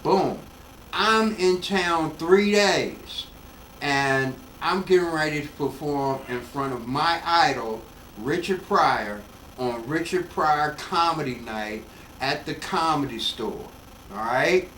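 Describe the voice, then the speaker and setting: An older male comedian telling an animated story in an interview at home, acting out the voices, recorded off-mic in an echoey room. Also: on the high side, slow pace, far from the mic, a little hiss or hum. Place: his home.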